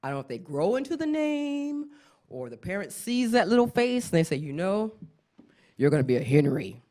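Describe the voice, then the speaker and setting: A middle-aged woman performing a stand-up comedy set, often jumping into squeaky acted-out voices. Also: big pitch swings, a little fast, darkish tone.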